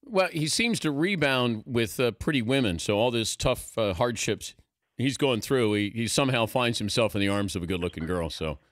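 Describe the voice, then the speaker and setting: A man's voice: medium pitch, animated, normal speed, no room sound. A man in his fifties hosting a radio show, bantering with his guest in a wry, teasing way. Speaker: radio host. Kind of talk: casual radio interview.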